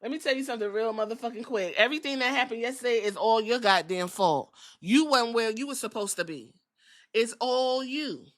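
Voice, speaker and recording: A woman's voice: on the high side, close to an everyday voice. A woman doing a brash, scolding male wrestler. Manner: rapid, profane, lecturing.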